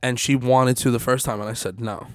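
A man's voice: medium pitch, fairly even intonation, fairly quick. A young man co-hosting a podcast, joking and swearing in casual, defensive banter. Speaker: podcast co-host.

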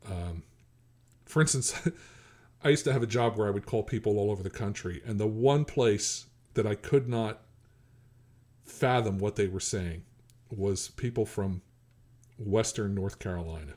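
Man, low voice, middle-aged, podcast co-host, casual, hesitant, chuckles. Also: measured pace, darkish tone. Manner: hesitant, restarts often, chuckles. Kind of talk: casual chat.

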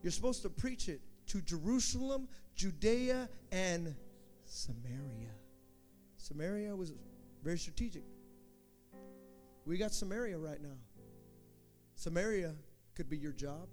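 A man preaching a sermon, telling stories with animated energy and acting out shouted quotes. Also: high voice. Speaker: pastor.

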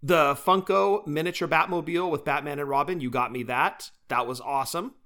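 A young man co-hosts a casual podcast, chatty and playful as he tells stories. His voice is bright and forceful and sits a little high. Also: fairly quick. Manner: chatty, playful, animated storyteller. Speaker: podcast co-host. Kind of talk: casual chat.

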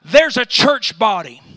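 High, bright-voiced preaching man. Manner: preaching with an 'uh' between phrases, building to shouts. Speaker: pastor. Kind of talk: sermon. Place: church sanctuary during a service.

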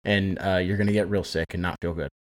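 A man's voice: low voice, fairly even intonation, quick pace. A man co-hosting a casual podcast chat, laughing often. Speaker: podcast co-host.

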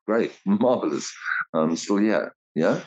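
A man's voice: fairly low pitch, expressive, slow, darkish tone, lo-fi sound. A man, co-hosting a podcast in casual chat, rambling and heartfelt, with frequent laughs and restarts. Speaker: podcast co-host.

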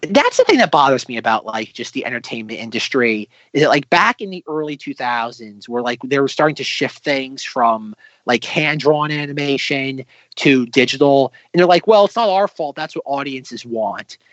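A man's voice: mid-range voice, normal speed, no echo. A male podcast co-host talks in a loose, rambling way and jumps from tangent to tangent. The sound is dry and close. It is also slightly muffled. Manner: rambling, animated, tangent-prone. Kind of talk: casual chat.

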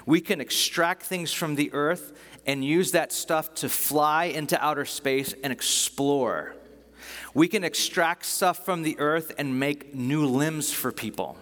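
A man's voice: fairly high pitch, fairly bright tone. A man preaching a sermon in a conversational, enthusiastic way, often restarting his sentences. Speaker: pastor. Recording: long hall reverb.

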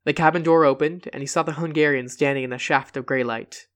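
A man reading a classic short story aloud, giving quoted lines their own expressive emphasis. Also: fairly high pitch, quick pace. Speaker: reader.

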